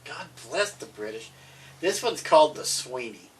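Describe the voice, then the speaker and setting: A man's voice: a little high, normal speed. A man co-hosting a podcast, rambling cheerfully as he recommends TV series in casual chat. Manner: chatty, rambling, grows excited. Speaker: podcast co-host. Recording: distant mic, faint background noise.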